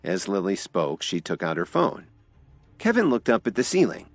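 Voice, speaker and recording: Deep-voiced male audio drama narrator. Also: normal speed, no room sound, soft background music. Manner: expressive storytelling.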